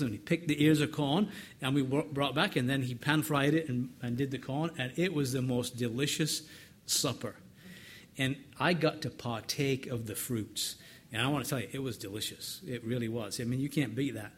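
A man's voice: medium pitch, breathy edge. A middle-aged man preaching a sermon in an earnest, conversational way, often repeating words as he builds up.

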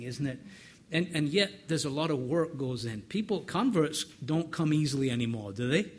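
A middle-aged man preaching a sermon in an earnest, conversational way, often repeating words as he builds up. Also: mid-range voice.

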